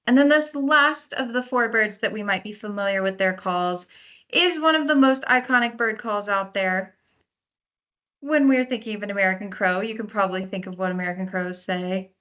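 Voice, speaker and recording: A woman with a bright, forceful voice of medium pitch works as a park naturalist, lecturing on learning birds by their sounds. Her explanations are friendly, and she sometimes imitates calls.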